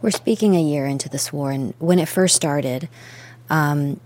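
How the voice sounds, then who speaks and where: Husky, deep-voiced woman interviewer. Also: measured pace, darkish tone. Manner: probing, conversational questions. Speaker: news host interviewing. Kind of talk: interview questions.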